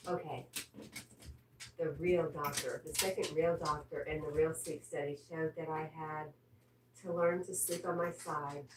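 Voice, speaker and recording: A woman hosts a casual home livestream, reading viewer comments aloud and answering them one by one. Her voice sits low and unhurried. She is set back from the mic in an echoey room with a faint hum of ambience behind her. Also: fairly even intonation. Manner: reads viewer comments aloud, breaks off to scold her dog. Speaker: livestream host reading chat. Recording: roomy echo, distant from the mic, faint ambient noise.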